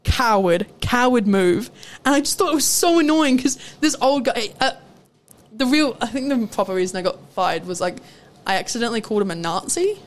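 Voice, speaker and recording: A young woman co-hosting a podcast, telling a work story in a casual, animated way and laughing often. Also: fairly high pitch, a little fast. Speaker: podcast co-host. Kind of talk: casual chat.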